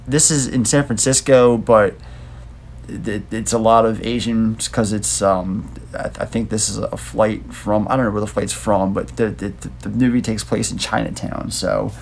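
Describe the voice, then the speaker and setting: Laid-back man with a gravelly edge, rambling casual movie podcast host. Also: fairly low pitch, fairly even intonation, moderate pace, a little hiss or hum. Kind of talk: casual movie review chat.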